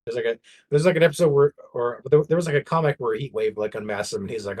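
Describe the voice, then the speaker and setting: Male friend on stream, husky, rapid rambling talker. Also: medium pitch. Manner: rambling, restarts, animated storytelling. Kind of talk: casual chat.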